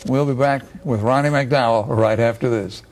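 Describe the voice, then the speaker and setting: An older man hosting a talk show, relaxed as he nudges his guest on and reads out a phone number. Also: mid-range voice, moderate pace. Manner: relaxed, encouraging prompts. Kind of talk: casual interview.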